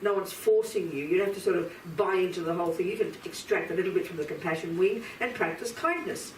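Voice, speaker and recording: In a teaching room full of listeners, a woman gives a live Buddhist lecture at a quick pace in a fairly low voice. She addresses the audience directly, with bluntness and emphasis. The audio is captured from afar in a roomy hall, with faint ambience and a little hiss or hum.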